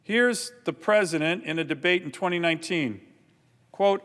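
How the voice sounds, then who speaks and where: A man giving an indignant, forceful floor speech as a senator, often repeating his points. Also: on the high side, normal speed, big-room sound. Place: large legislative chamber.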